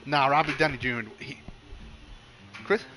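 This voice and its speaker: A man's voice: mid-range voice, normal speed, sharp tone, slight background noise. A young man streaming a game, chatting casually in a rambling, profane way, full of stop-start restarts.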